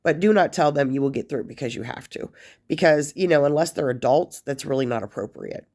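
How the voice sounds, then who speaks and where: Her voice sits low, with a darkish tone and a slightly fast pace. Sharing her life after prison, this vlogger offers casual advice on camera, rambling through fillers and false starts and sometimes coming close to tears.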